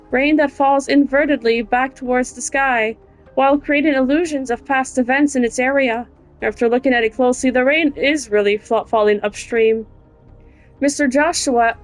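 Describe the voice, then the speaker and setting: A woman's voice: high voice, pitched above the performer's own voice, natural voice, poor audio. A woman reads a grieving, anxious young woman's game dialogue aloud in an emotional, pleading way.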